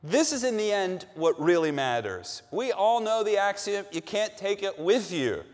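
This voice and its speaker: A man's voice: sits high, big pitch swings, moderate pace, darkish tone. A man preaching a sermon as pastor, emphatic and building with repeated phrases in a large church. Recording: long hall reverb.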